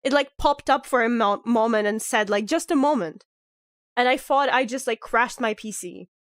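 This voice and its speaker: A woman's voice: fairly high pitch, normal speed, dry recording, studio quality. A woman streaming a game in casual, rambling chat, sounding sick and nasal from a clogged nose. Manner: rambling, animated, heavy on "like" fillers.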